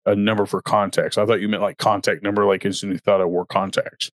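A man with a low voice co-hosts a casual podcast chat, rambling and restarting his sentences as he goes. The sound is close and dry, with no room around it. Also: flat delivery, fast talker, no room sound. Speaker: podcast co-host.

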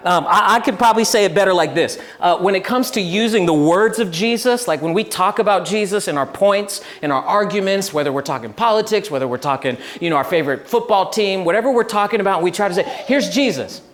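A young man giving a relaxed, chatty sermon, telling stories with laughs and restarts. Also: high-pitched, fast talker, few pauses. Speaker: pastor. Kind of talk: casual sermon with storytelling.

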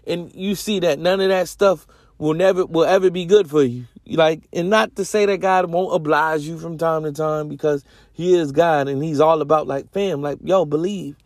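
A man's voice: on the high side, normal speed, dry recording, studio quality. Slangy, rambling man teaching Bible. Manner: rambling, slangy, self-correcting. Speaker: podcast host.

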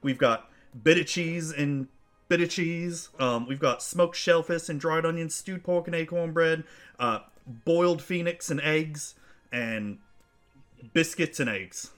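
A man voicing a brisk, slightly weary little female halfling waitress who chirpily rattles off the menu in a tabletop game. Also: on the high side, fairly bright tone, soft background music, voice pushed up. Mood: chirpy.

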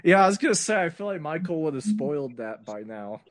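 A man hosting a podcast in casual chat, agreeable and quick to laugh loudly. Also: fairly high pitch, very animated, dry recording, studio quality. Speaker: podcast host.

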